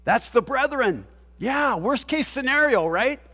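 A man with a fairly high voice delivers an emphatic sermon as a pastor. He fires off rhetorical questions and drops to near-hushed tones before rising again. His voice rings with a long reverb, as if in a large hall. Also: expressive, measured pace.

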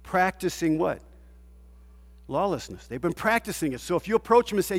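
A man preaching a sermon as a pastor, asking rhetorical questions and swinging between loud emphasis and hushed, quiet passages. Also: high-pitched, lively intonation, fairly quick, pauses often, breathy edge, in a large hall.

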